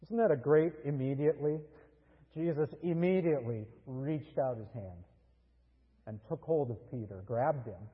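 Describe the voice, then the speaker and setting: A man preaching a sermon as pastor, earnest and deliberate, with dramatic pauses. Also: mid-range voice, husky, in a large hall, narrow, tinny audio.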